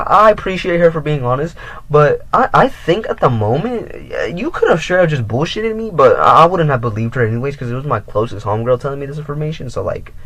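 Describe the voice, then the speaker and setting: A man's voice: mid-range voice, a bit bright, dry recording, rough recording. A teenage boy telling a rambling storytime in casual, profane slang. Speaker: vlogger.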